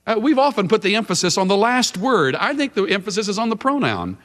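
A man's voice: high voice, very animated, quick pace, a bit bright, in a large hall. A man preaching a sermon as a Bible teacher, emphatic with dramatic shifts of emphasis.

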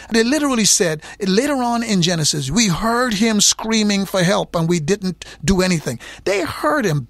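A man's voice: sits high, gravelly, a bit bright, dry recording. A man preaching a sermon, teaching from Scripture with emphatic repetition. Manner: emphatic Bible teaching, repeats words for effect.

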